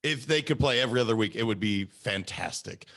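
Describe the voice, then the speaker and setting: A man's voice: lowish voice, expressive, brisk, a bit bright. A middle-aged man hosting a podcast, enthusiastic and encouraging with his guest and listeners. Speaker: podcast host.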